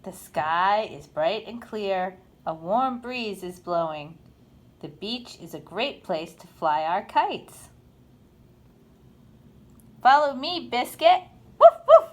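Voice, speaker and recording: A woman reading a children's picture book aloud in an expressive, sing-song storytime manner. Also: fairly low pitch, slow.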